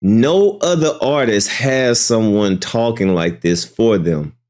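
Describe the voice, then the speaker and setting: Male streamer, low-voiced and unhurried, incredulous and mocking as he reacts. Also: lively intonation, darkish tone. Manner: incredulous, mocking, swears freely. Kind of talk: casual reaction commentary.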